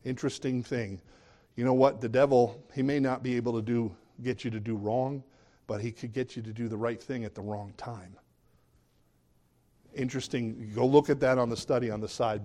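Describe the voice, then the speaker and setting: This preacher's delivery is animated: sudden high bursts of emphasis alternate with low, dropped-down asides during the sermon.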